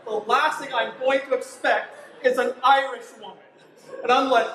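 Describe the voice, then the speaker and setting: A man's voice: very high voice, steady tone, normal speed, fairly bright tone. A man doing stand-up, telling a travel story and acting out his own panicked reactions. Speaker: stand-up comedian. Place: brewery comedy show. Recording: echoey room.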